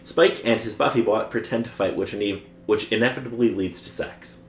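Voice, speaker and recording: Podcast co-host, male, low-ish voice, easygoing plot recap with frequent chuckles, roomy sound with faint hum. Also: moderate pace. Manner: chuckles often while recapping. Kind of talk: casual chat, recapping a plot.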